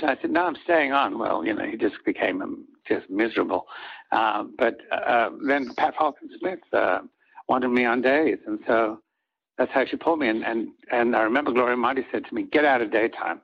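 An older man with a husky voice, a soap opera actor telling rambling anecdotes in an interview and acting out what others said. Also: mid-range voice, a little fast, muffled recording. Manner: rambling, acts out quoted lines of others.

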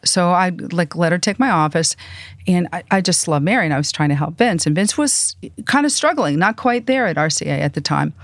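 A middle-aged woman from New York, a podcast guest telling animated stories and acting out the voices of people she quotes. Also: fairly low pitch, fairly quick, no room sound. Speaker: interview guest. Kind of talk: casual storytelling.

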